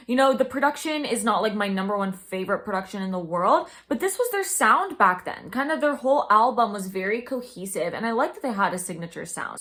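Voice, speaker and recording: A woman's voice: mid-range voice, a bit bright. A young woman songwriter chatting casually as she reacts to an album, bubbly and full of "like".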